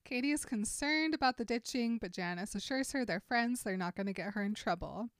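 A woman with a slightly high voice calmly walks through a movie plot in a casual chat. She quotes the characters in a dry, easy way. The sound is close and dry. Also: a little fast, no room sound. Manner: relaxed storyteller, quotes characters dryly.

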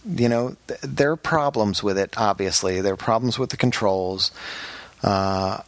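A man's voice: lowish voice, normal speed, dry recording. A man hosting a podcast, giving a frank, rambling game review in casual chat, with many fillers and restarts. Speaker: podcast host reviewing games.

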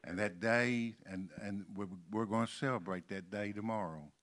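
An older man from Kentucky preaching a sermon in a church, slowly stressing and repeating key words. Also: lowish voice, a bit bright. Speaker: pastor. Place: church sanctuary.

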